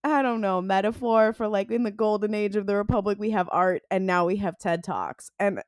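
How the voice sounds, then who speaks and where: A woman's voice: medium pitch, fairly even intonation, a little fast, no echo, clean studio sound. A woman co-hosting a casual podcast, rambling and hesitant, trailing off with fillers. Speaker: podcast co-host.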